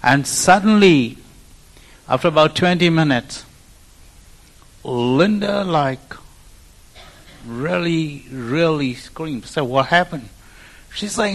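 A man's voice: fairly high pitch, slow pace, pauses often, poor audio. A man from India, giving a personal testimony in church and acting out the people he quotes. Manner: animated storyteller who acts out quoted speech.

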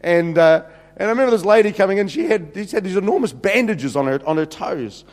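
A man's voice: high voice, animated, fairly quick, a little mellow. A man preaching a sermon, telling funny stories in a chatty way with many restarts and fillers. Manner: chatty, jokey, many restarts and "you know"s. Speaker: pastor. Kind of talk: humorous sermon storytelling. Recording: reverberant hall.

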